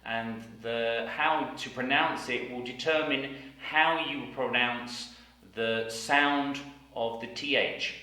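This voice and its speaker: A man teaching English pronunciation, saying each example word slowly and clearly twice. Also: medium pitch, sharp tone. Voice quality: deliberate, over-articulated delivery. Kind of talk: slow, careful teaching with repeated example words. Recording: very echoey room.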